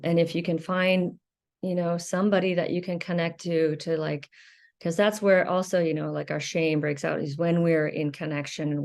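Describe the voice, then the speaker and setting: A woman hosting her own channel, talking gently to camera with many pauses and fillers, offering warm reassurance. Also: lowish voice. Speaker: channel host. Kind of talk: casual talk-to-camera advice.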